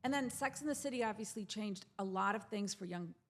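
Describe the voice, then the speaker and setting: In a relaxed interview, a guest who founded a jewelry brand walks through her business's story at a brisk pace. She seems to be in her forties, with a gravelly, creaky, medium-pitched voice, and she talks animatedly, quoting the voices of people she encountered.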